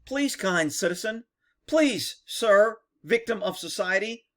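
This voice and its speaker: A man's voice: high voice, lively intonation, a little slow. A man putting on the voice of a timid, overly polite police officer who pleads meekly. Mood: mock-pleading. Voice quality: meek, pleading, mock-soft.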